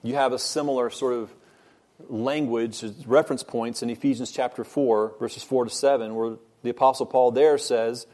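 Male Bible study teacher, mid-pitched, measured and earnest, leans on repetition for emphasis. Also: fairly even intonation, a little mellow.

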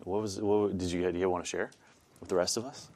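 A man's voice: sits low, steady tone, brisk, mellow. Chatty man teaching a Bible class. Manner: chatty, self-deprecating, many fillers. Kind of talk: informal Bible class talk.

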